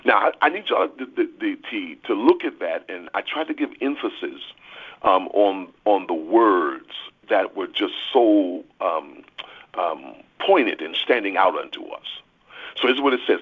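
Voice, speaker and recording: A man's voice: lowish voice, sing-song, unhurried, husky. A man preaching earnestly, stressing key words and repeating himself as he starts phrases. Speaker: pastor. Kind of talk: sermon on a prayer call. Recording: tinny phone line.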